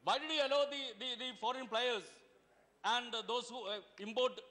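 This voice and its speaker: A man with an Indian English accent giving a forceful parliamentary speech, full of rhetorical questions and repeated words. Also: very high voice, normal speed. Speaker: member of parliament. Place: parliament chamber. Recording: long reverb of a large hall.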